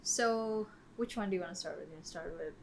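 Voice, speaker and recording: In casual film talk on her podcast, this female co-host leans heavily on fillers such as "um" and "like." She talks fast in a lowish voice with vocal fry, and there is a touch of hiss or hum in the recording.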